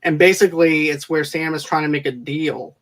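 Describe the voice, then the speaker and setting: A man's voice: on the high side, fairly quick, fairly bright tone. A man co-hosting a casual film review podcast, recapping plot scenes in a rambling, enthusiastic way with plenty of fillers. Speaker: movie reviewer co-host.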